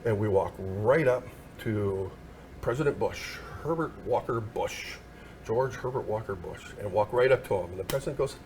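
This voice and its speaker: Man, low voice, animated storyteller, news studio, faint room noise. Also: brisk. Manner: animated anecdote teller, acts out quoted voices. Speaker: news photographer and history storyteller. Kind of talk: casual storytelling on a TV news segment.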